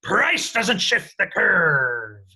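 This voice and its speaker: A man putting on a pirate voice to chant a rule slowly and loudly, husky in tone. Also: high voice, big pitch swings, pitched above the performer's own voice, full character voice. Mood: gruff chant. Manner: slow, loud and drawn out.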